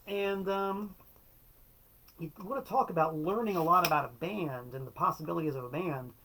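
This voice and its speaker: Bright-voiced enthusiastic middle-aged man. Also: on the high side. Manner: enthusiastic, wry, with playful voiced quotes. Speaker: show host and record collector. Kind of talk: casual solo storytelling.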